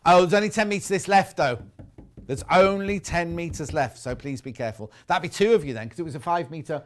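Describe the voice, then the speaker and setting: A man's voice: a little high, animated, fast talker. A man from the north-west of England hosting live sewing sales on a TV shopping channel, chatty and jokey. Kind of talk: live TV selling and chat. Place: TV studio.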